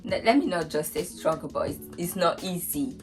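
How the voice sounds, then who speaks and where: A woman's voice: fairly low pitch, lively intonation, moderate pace. A young woman chatting casually as a vlogger about being a mother, laughing often and restarting sentences. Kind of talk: casual chat. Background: soft guitar music.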